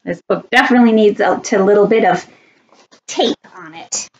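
A woman reading a picture book aloud to children, animated and laughing often. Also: mid-range voice, moderate pace, lo-fi sound, slight background noise. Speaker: storytime reader.

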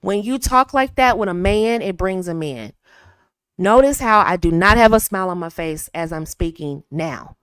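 A woman's voice: on the low side, lively intonation, moderate pace, fairly bright tone, smooth, no echo, clean studio sound. An American woman in her thirties, hosting and giving confident, casual dating advice to women, often laughing and acting out bits of dialogue.

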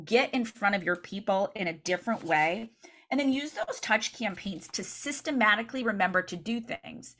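Bright-voiced energetic woman coach. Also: mid-range voice, normal speed. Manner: energetic, chatty, says "right?" often. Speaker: real estate coach. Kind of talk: training session talk.

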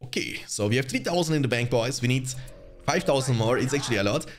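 A young man commentating his own strategy game match for viewers, chatty and quick to get excited. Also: mid-range voice, faint music behind. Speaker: gaming channel host. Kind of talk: live gameplay commentary.

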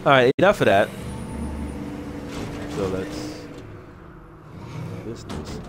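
A man's voice: on the low side, sing-song, slow, heavy background noise. A man with a cold giving casual let's-play commentary, rambling and talking to himself with goofy asides. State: sick with a cold. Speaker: gaming video creator. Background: game music.

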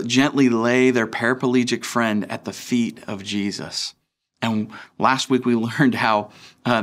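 A man's voice: fairly low pitch, fairly bright tone. A young adult man, a pastor, giving a conversational sermon with fillers and restarts.

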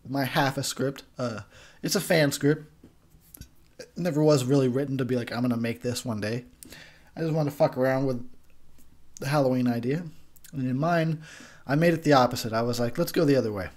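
A man's voice: medium pitch, a little fast, long pauses, darkish tone. A young man giving a tipsy, profane movie commentary, rambling and laughing at his own jokes. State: tipsy from beer.

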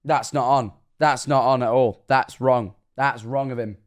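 A young man, streaming casual reaction commentary and often laughing, excitable and swearing. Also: medium pitch, a little slow.

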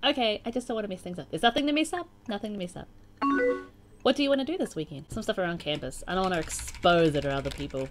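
A woman's voice: medium pitch, lively intonation, fast, over music. Chatty young woman commenting on gameplay. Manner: chatty and playful, reacting with sighs and laughs. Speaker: gaming YouTuber. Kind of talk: casual gameplay commentary, reading chat messages aloud.

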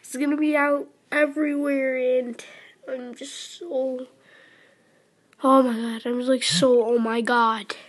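Nervous, high-voiced girl gaming. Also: takes it slowly. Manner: nervous, apologetic, giggly; excited outbursts during play. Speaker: gamer. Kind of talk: nervous gameplay commentary. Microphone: phone.

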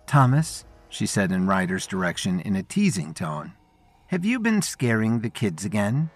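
A confident, charismatic woman improv performer who teases with ease, as a male narrator puts her on. The voice is raised above his low natural pitch and moves in lively swings. Faint music sits in the background. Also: normal speed. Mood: teasing. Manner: teasing, confident, reassuring.

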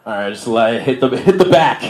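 A man's voice: medium pitch, very animated, unhurried, a little mellow. A young man from Milwaukee performing a stand-up set, loose and slangy, laughing at his own jokes. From Milwaukee, Wisconsin. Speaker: stand-up comedian. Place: bar comedy stage. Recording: echoey bar room.

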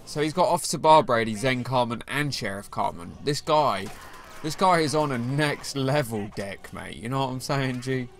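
A young man giving casual, excitable commentary over his own mobile game, bantering at his opponent. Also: mid-range voice, moderate pace. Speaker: gaming YouTuber. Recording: faint game music behind the voice.

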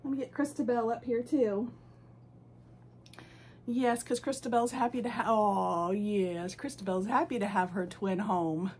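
A woman hosting her doll channel, who gushes with excitement and coos to her dolls. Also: mid-range voice, measured pace, a little hiss or hum. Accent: American. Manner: gushing, excitable, lots of "oh my goodness"; baby talk to her dolls. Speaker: reborn doll channel host. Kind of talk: unboxing vlog chat.

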